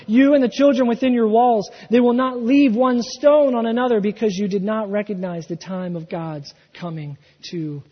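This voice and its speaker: A male pastor preaching a sermon, telling the story with animation and acting out the quotes, swinging from loud to hushed. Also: high voice, slightly rough. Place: church sanctuary. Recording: dull sound in a reverberant hall.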